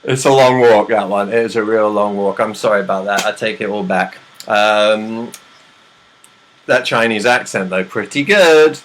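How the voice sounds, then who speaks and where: A man's voice: lowish voice, normal speed. A young man doing stand-up comedy at an online open mic, rambling and self-deprecating, with chatty asides, over a hissy video call. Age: young adult.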